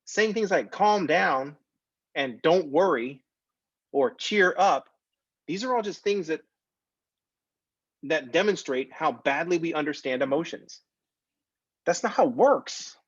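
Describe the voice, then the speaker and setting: A man's voice: fairly high pitch, expressive, slow, long pauses, husky, dry recording, highs cut off. A man teaching a math class in a recorded lecture, talking in a conversational, jokey way that drifts off topic. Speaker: math instructor.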